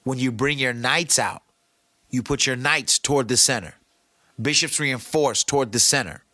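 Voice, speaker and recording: A man with a bright, forceful voice talks loosely and playfully, full of slang, as he hosts a podcast. The sound is dry and close, with no room around it. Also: medium pitch, moderate pace, no echo. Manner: animated, playful, slangy, talks to his producer. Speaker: podcast host. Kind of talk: casual motivational talk.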